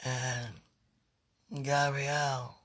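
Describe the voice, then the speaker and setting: A man giving an intimate spiritual monologue, breathy and halting. He hums and murmurs between phrases and often trails off with "you know". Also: mid-range voice, flat delivery. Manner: opens in a hushed whisper. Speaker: podcaster.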